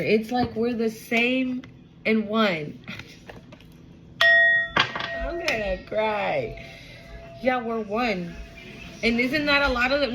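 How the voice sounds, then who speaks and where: A woman's voice: on the high side, low-quality recording. A woman giving a casual, emotional spiritual card reading to her viewers, repeating herself and swearing now and then. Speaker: tarot reader.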